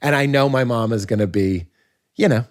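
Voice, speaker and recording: A man, a comedian and podcast guest, talking casually in an animated, riffing way and laughing at his own points. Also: mid-range voice, moderate pace.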